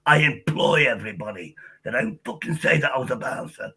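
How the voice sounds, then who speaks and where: A man's voice: medium pitch, expressive, a little fast, sharp tone, husky, low-quality recording. A man hosting a livestream, angrily swearing and interrupting in a heated argument, losing his voice. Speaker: livestream host.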